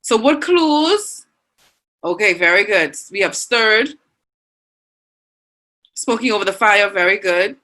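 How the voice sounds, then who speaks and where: A woman's voice: medium pitch, measured pace, pauses often, pushed and bright. A woman with a Bahamian accent teaching an online language class, reading out students' answers and praising them. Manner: encouraging, reads out students' chat answers.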